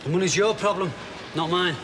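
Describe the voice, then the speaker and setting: An actor playing a harried, defensive shop steward with a curt manner. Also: male voice, sits high, brisk, lightly acted. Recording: TV drama with clear background noise.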